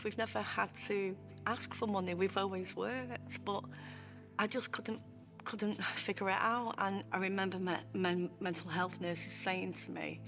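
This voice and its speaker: A woman giving a heartfelt filmed testimony as a former client, often repeating phrases for emphasis. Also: medium pitch.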